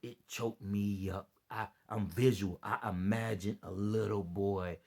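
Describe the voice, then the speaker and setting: In an unscripted, impassioned vlog, an online preacher and commentator rambles and preaches, repeating himself and appealing to listeners, though he is worn out and dead tired. He speaks at a measured pace in a fairly low, steady voice that is creaky and a little mellow.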